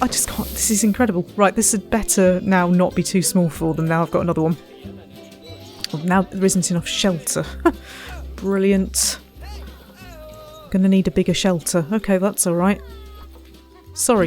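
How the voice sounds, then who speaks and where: A woman's voice: mid-range voice, darkish tone. A woman giving casual gameplay commentary, chatty and self-mocking, muttering to herself and the animals. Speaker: let's play gamer.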